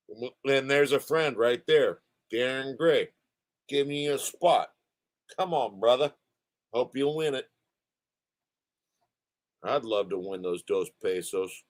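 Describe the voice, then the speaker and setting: A man rambling casually to his live stream viewers, his pitch swinging widely as he talks. He chats on at ease, jumping from topic to topic. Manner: chatty, rambling, animated. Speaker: livestream host.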